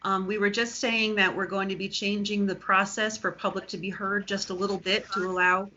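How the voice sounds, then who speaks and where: A woman's voice: mid-range voice, level tone, fairly quick, sharp tone, a little hiss or hum. A woman chairing a remote public board meeting, polite and procedural with frequent ums. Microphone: video call. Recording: lo-fi video call audio.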